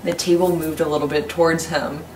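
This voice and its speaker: A woman vlogger telling a rumored ghost story in an old house at night, in casual, excited chat. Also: low voice, fairly quick, slight background noise. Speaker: paranormal vlogger. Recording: roomy sound from a distance.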